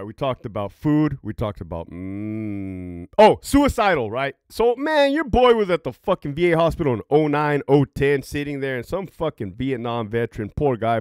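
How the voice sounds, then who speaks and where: A man's voice: mid-range voice, darkish tone, smooth, no echo, studio quality. A middle-aged man, a former prison guard and veteran, telling stories in a profane, rambling, casual way. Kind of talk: casual vlog storytelling.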